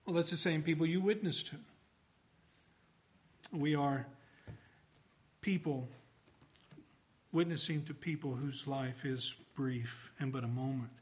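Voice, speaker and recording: A man preaching a sermon emphatically, his voice swelling louder on key phrases. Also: a little high, fairly even intonation, takes it slowly, pauses often.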